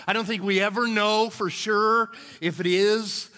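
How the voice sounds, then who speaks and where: A middle-aged male pastor tells stories from the pulpit in an easygoing, folksy way. His voice sits a touch high and bright. It rings out with the long echo of a large church hall. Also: fairly even intonation, measured pace. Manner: folksy and conversational, says "man" a lot. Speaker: lead pastor. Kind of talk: storytelling sermon. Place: church sanctuary.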